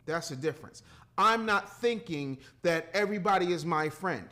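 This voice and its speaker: Man, 50s, podcast guest; emphatic and preachy, high-pitched, cusses freely. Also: expressive, moderate pace, sharp tone. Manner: emphatic, preachy, swears freely, acts out quotes. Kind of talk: casual podcast talk.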